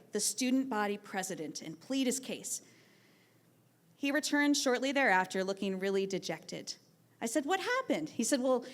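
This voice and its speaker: A woman teacher telling a personal story live on a theatre stage, acting out the voices of the people she quotes. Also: a little high. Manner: animated, acts out quoted voices.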